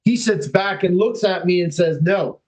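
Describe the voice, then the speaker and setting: Podcast guest: high-pitched man, animated storyteller who acts out the people he quotes. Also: normal speed, poor audio. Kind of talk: casual storytelling.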